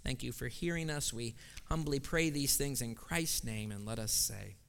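A man, a pastor, preaching a sermon with scripture reading and prayer, building to loud, emphatic repeated phrases in a church. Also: mid-range voice, moderate pace, vocal fry, clean tone. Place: church sanctuary. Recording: long reverb of a large hall.

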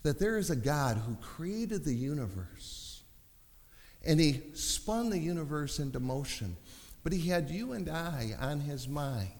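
A man preaching a sermon, passionate and building to shouts at times. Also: medium pitch. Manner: impassioned, rising to shouting. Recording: long hall reverb.

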